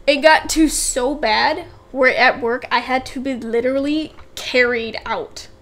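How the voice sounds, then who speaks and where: A woman's voice: sits high, fairly even intonation, a little slow, hardly any pauses, a bit bright. A young woman co-hosting a podcast, telling a long story in casual chat, rambling and repeating herself as she acts out what people said. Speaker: podcast co-host.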